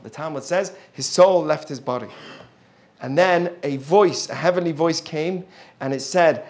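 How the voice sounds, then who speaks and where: A man with a notably high voice gives a Torah lesson, telling a Talmud story in a lively way. He keeps asking his listeners questions and stops to explain Hebrew words. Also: unhurried. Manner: drops into Hebrew terms and explains them. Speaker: religious teacher.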